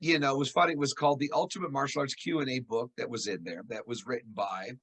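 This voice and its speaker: A man's voice: medium pitch, fairly even intonation, fast, fairly bright tone, slightly rough. A man hosting an interview, chatting casually and prompting his guest with shared recollections. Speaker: interviewer, host.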